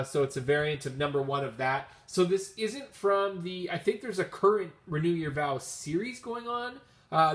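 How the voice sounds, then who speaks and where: A man with a Canadian accent, chatting casually and upbeat at home as he shows off his comic haul, wandering into rambling asides. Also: fairly high pitch. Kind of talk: casual chat.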